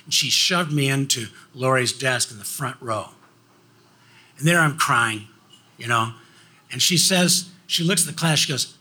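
An older man telling a personal story in a halting way, often repeating words. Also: medium pitch, bright, forceful tone, slightly rough. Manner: halting, repeats words, acts out quoted voices. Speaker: guest speaker.

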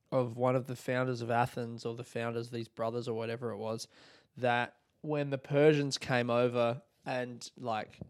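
A man's voice: mid-range voice, smooth. A man hosting a solo podcast, talking loosely and rambling, swearing freely and yawning now and then. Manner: yawns often mid-talk. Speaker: podcast host. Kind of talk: solo casual podcast monologue.

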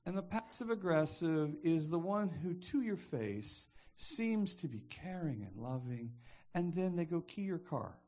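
Animated male preacher. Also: on the high side, measured pace. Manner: animated, repeats words as he restarts. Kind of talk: sermon.

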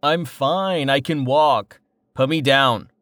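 A man's voice: medium pitch, slow, a bit bright, no room sound, clean studio sound. A male narrator voicing a stubborn, wry young man who protests about his injuries. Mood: protesting.

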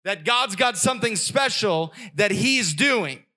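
A young man preaching a sermon as pastor, lively and acting out voices now and then. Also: high voice, unhurried. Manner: animated, acts out voices of God and worshippers.

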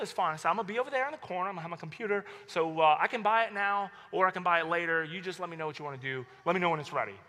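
A man's voice: high voice, fast, few pauses, long reverb tail. A man preaching a conversational sermon as a guest church planter, telling stories with asides to the audience. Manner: animated storytelling with asides to the audience.

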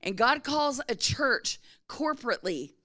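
A middle-aged woman pastor preaches in a chatty, storytelling manner. She keeps pausing to check in with her listeners, asking if they follow. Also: on the high side, animated, sharp tone. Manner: conversational storytelling with frequent check-ins to the congregation. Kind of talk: sermon.

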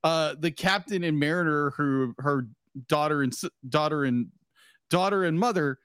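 Guy cohosting a podcast, higher voice, rambles and trips over words, laughs a bunch, dry close sound. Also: moderate pace, fairly bright tone, clear, resonant tone, no room sound. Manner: rambling, stumbles and restarts often, laughs a lot. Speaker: podcast co-host. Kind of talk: casual chat.

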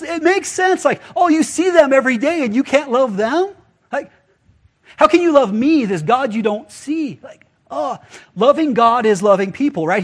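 A man's voice: very high-pitched, husky. A man preaching a casual, conversational sermon as pastor, often acting out quoted voices with filler words.

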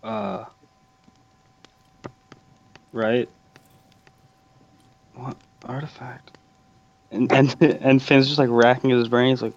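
A man's voice: mid-range voice, fairly even intonation, slow pace, long pauses, highs cut off. A man playing a tabletop game who describes his character's actions casually and swears freely. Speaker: player. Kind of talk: casual tabletop role-play.

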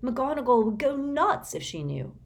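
A woman's voice: sits high, big pitch swings, moderate pace, gravelly, voice pushed up, heavily acted. A woman voicing a gloomy teenage boy who grumbles in an exasperated way. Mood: grumbling.

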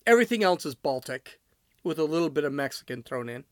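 A Chicago man hosts his podcast in a blunt, rambling, off-the-cuff monologue, ranting and drifting between topics. His voice sits on the high side and moves quickly and animatedly. The recording is studio quality with no echo.

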